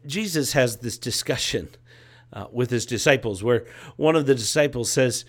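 A man's voice: mid-range voice, normal speed. A man preaching a sermon as a pastor, with a repetitive, emphatic cadence and casual asides.

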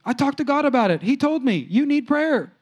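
A man's voice: very high-pitched, brisk. A man preaching a sermon as a pastor, telling stories and speaking directly to his congregation. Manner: animated storytelling preacher, talks to the room directly.

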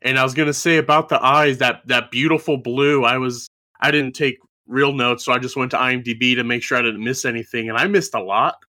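A man co-hosting a podcast, talking in a laid-back, halting way with frequent uhs. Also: medium pitch, fairly even intonation, bright, forceful tone. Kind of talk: casual chat.

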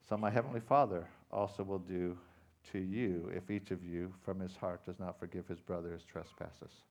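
Low-voiced man preaching a sermon. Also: fairly even intonation, normal speed. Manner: dramatic storytelling, loud rising emphasis then quiet intensity. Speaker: pastor.

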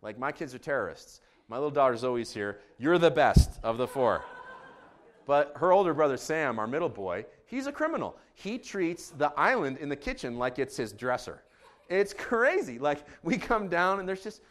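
A middle-aged man preaching a sermon as a pastor, joking and animated, shouting in acted bits. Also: mid-range voice.

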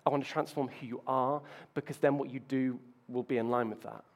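A man's voice: medium pitch, steady tone, brisk. A man preaching a sermon, telling self-mocking stories with playful asides. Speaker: pastor.

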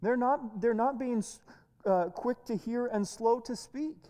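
A woman's voice: fairly high pitch, a little slow, mellow. A woman pastor preaching a sermon in an earnest way, often repeating and restarting words. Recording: echoey hall reverb.

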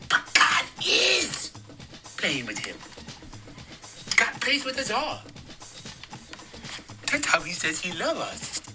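A man's voice: high-pitched, huge pitch swings, full character voice. A man playing a solemn male priest delivering a rambling mock sermon, recorded from a distance with faint music behind. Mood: tearful. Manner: slow, rambling, grows tearful and shouting.

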